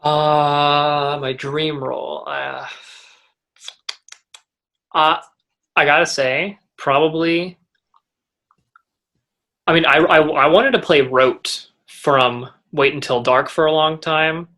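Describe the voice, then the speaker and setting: A teenage boy and young actor in a casual interview, rambling and halting, with frequent restarts. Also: on the high side, fairly even intonation, gravelly, sharp tone.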